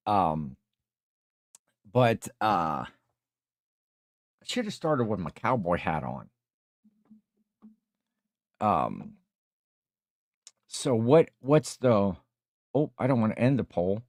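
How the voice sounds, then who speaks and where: A man hosting a casual livestream, reading viewer comments aloud and rambling with many pauses. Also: on the low side, huge pitch swings, no room sound, clean studio sound. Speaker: livestream host.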